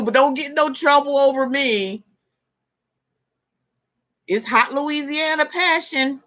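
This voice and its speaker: Speaking slowly with frequent pauses, this woman has a high-sitting, fairly bright voice. She's a tarot reader on a relaxed home livestream, laughing a lot, chatting and calling out viewers by name over the hum of an air conditioner and fans.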